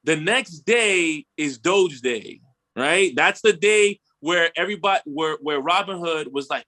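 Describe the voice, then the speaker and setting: A man's voice: fairly high pitch, a little slow. A young man hosting a podcast, telling a story in casual, slangy chat, acting out what he and his friends said. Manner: animated storyteller, slangy, swears, acts out his own quotes. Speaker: podcast host.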